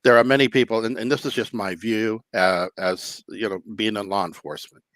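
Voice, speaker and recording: Lower-voiced man explaining in casual chat. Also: fairly even intonation, fairly bright tone, dry recording. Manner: explaining step by step, measured. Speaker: podcast co-host.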